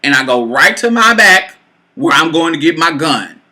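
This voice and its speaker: A woman in her late twenties telling a personal story to camera, bluntly and with heavy profanity, swinging between loud outbursts and low mutters. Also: animated, moderate pace. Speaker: vlogger. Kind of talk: storytime monologue.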